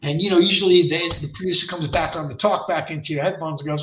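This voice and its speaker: Male interview guest, high bright voice, animated and profane storyteller, roomy dull lo-fi stream audio. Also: fairly quick. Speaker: guest rock singer.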